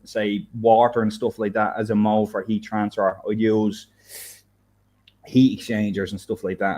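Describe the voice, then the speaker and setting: Rambling man thinking out loud. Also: lowish voice. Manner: rambling, many restarts and fillers, thinks aloud. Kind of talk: casual chat.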